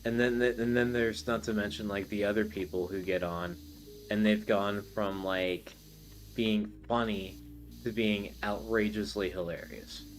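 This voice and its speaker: A man's voice: fairly low pitch, fairly even intonation, measured pace, slight background noise. A man hosting a podcast in casual chat, rambling and swearing with many fillers. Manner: rambling, profane, full of fillers. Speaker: podcast host.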